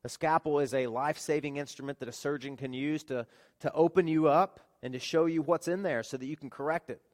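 Guy preaching in church, kinda high voice, asks the crowd lots of questions. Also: fairly quick. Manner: lively storytelling with rhetorical questions. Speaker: pastor. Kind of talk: sermon.

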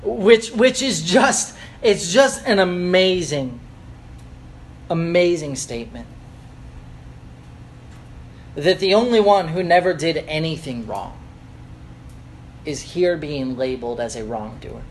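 Man, sermon, earnest, explanatory, slows for emphasis, faint room ambience. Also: on the high side, a little hiss or hum. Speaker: preacher.

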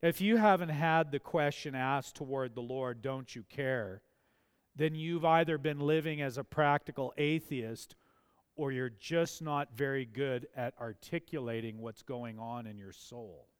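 A man's voice: mid-range voice, a little slow, clear, resonant tone, big-room sound. A man preaching a sermon as a pastor, speaking with impassioned emphasis in a church. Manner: impassioned, rising to emphatic pleas.

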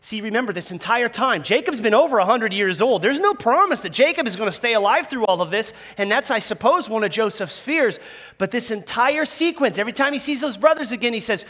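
A man preaching a sermon as a pastor in a church, conversational and animated, with self-deprecating humor. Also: high voice, fairly quick. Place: church sanctuary with a live audience. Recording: long reverb of a large hall.

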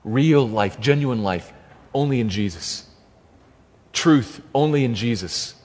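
A man's voice: mid-range voice, animated, takes it slowly, darkish tone. Emphatic male preacher in a reverberant hall. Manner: emphatic, repeating key phrases for stress. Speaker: pastor. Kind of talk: expository sermon. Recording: long reverb of a large hall.

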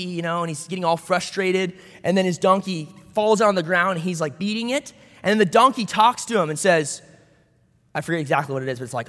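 Man, pastor; conversational sermon with asides, light high voice, long hall reverb. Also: a little fast, fairly bright tone.

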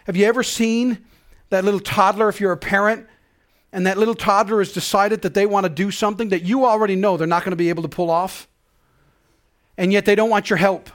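A male pastor preaching a sermon in an earnest way, dropping to a hush and rising to loud cries. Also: high-pitched, fairly even intonation, brisk. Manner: earnest, swings from hushed to loud.

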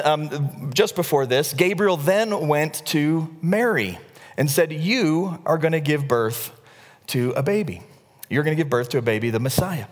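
A man preaching a sermon as pastor, talking in a relaxed, conversational way and acting out little scenes as he tells them. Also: a little high. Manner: conversational, animated storytelling with acted asides. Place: church sanctuary. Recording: long reverb of a church hall.

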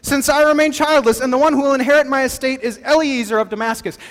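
A man's voice: very high voice, fast talker, fairly bright tone, long reverb tail, pitched above the performer's own voice. A man voicing an impatient old patriarch who complains to God. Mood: complaining. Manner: pleading, complaining.

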